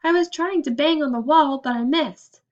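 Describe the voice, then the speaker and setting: Frantic, wailing storybook schoolgirl, voiced by a woman; high and shrill, slightly muffled. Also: moderate pace, natural voice. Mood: indignant. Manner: wailing, panicky. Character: frantic, dramatic sixth-grade girl.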